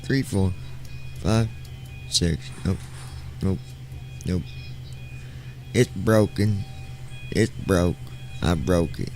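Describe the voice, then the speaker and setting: Man, stream host, headset mic, playful and joking, slow-talking. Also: deep voice, a little mellow, faint music behind. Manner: playful, joking, testing his mic aloud. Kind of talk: casual live-stream chat.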